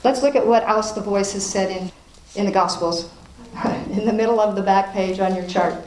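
A woman's voice: mid-range voice, moderate pace, darkish tone. Woman Bible study leader, reads scripture and teaches, echoey room, light background hiss. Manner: reads passages aloud, then explains and quizzes the group. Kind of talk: reading scripture and teaching a group. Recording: roomy echo with faint noise.

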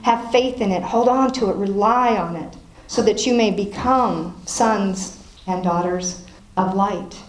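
A woman's voice: medium pitch, unhurried. A woman leading a Bible study, reading scripture aloud, then explaining it and asking the group questions. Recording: roomy echo with faint noise.

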